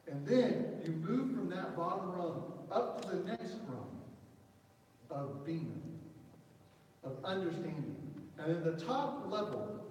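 A Southern man in his thirties preaches in a high, bright voice, his words echoing through a large hall. He sounds distant from the microphone, keeps a relaxed, conversational tone, and often checks in with the room. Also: slight background noise. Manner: conversational, repeats "right?" as a check-in. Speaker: pastor. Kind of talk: sermon. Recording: echoey hall, mic far off.

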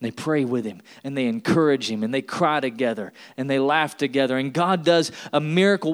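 A man's voice: mid-range voice, a little fast, hardly any pauses. A man preaching a sermon as pastor, emphatic and building to repeated refrains.

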